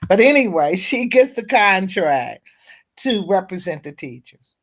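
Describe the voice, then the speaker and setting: A woman's voice: mid-range voice, big pitch swings, measured pace. A middle-aged woman, a teacher advocate and guest at a round table discussion, telling her story bluntly and candidly.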